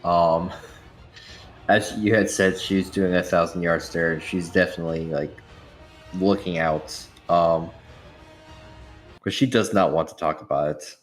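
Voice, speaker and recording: Hesitant, low-voiced man at the game table. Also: steady tone, unhurried, long pauses, faint music behind. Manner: hesitant, many fillers, soft-spoken. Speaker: player. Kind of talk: tabletop role-play, describing his character.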